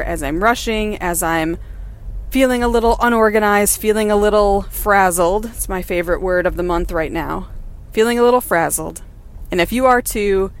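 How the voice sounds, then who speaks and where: Solo mom podcaster, candid and encouraging, recorded in her car, mid-range voice. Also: medium pitch. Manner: candid, encouraging, laughs now and then. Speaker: podcast host and mother. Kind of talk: casual personal monologue. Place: in a car while driving.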